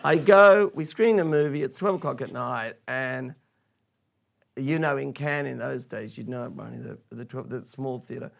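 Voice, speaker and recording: A man with a gravelly, creaky voice tells stories from his career. He talks in a lively, animated way and often breaks into laughter and restarts his sentences. He is a guest in an interview on stage in a cinema. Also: mid-range voice, moderate pace. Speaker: film director, interview guest. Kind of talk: animated anecdotal storytelling.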